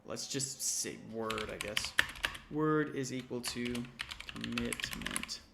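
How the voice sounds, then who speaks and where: A man's voice: medium pitch, takes it slowly, vocal fry, very noisy. A man tutoring an intro programming class, casually thinking aloud and correcting himself as he types through a coding walkthrough. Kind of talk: screen-recorded coding walkthrough. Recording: typing and keyboard clicks behind.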